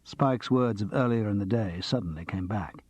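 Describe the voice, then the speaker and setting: A man's voice: fairly low pitch, normal speed, a little mellow, husky, no room sound. A man reading a novel aloud, switching between the voices of two men in dialogue. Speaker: audiobook narrator. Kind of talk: scripted narration of a novel.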